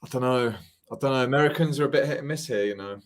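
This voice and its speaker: A man's voice: medium pitch, rapid-fire, slight background noise. A man with an English accent hosting a podcast, bantering loosely with his guest, swearing freely and saying "mate" and "dude". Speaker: podcast host. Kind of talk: casual chat.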